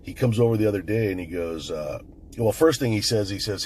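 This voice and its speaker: A man's voice: low-pitched, a little fast, darkish tone, slight background noise. A middle-aged man who is the channel host, talking bluntly in a casual monologue, swearing constantly as he tells stories.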